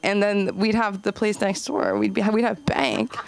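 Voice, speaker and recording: A woman's voice: medium pitch, fairly even intonation, moderate pace, creaky. Rambling woman doing open-mic stand-up. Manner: chatty, rambling, self-deprecating. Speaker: stand-up comedian. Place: comedy club stage.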